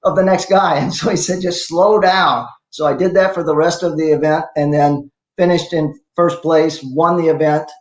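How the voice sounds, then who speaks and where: An older man in his sixties, a bit high-pitched, recounts his athletic experiences in a loose, self-deprecating way, often restarting his sentences. His voice carries a noticeable room echo. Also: fairly even intonation, normal speed, hardly any pauses, darkish tone. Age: 60s. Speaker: masters CrossFit athlete guest. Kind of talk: casual interview storytelling.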